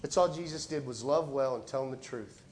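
A middle-aged man preaching a sermon as a pastor, telling stories conversationally and swinging between quiet, low lines and loud, high ones. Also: a little fast, a little hiss or hum. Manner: conversational storytelling with repeated words.

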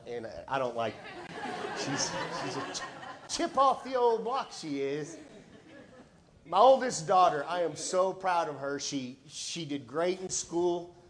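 A middle-aged man preaching a sermon as a pastor, telling stories conversationally and swinging between quiet, low lines and loud, high ones. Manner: conversational storytelling with repeated words.

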